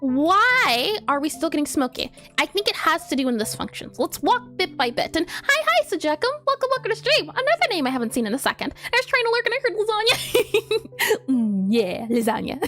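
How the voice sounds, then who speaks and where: Giggly high-voiced woman coding live. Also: very animated, brisk, sharp tone, soft background music. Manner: giggly, explains step by step while thinking aloud. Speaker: game developer streaming. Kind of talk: casual live coding stream.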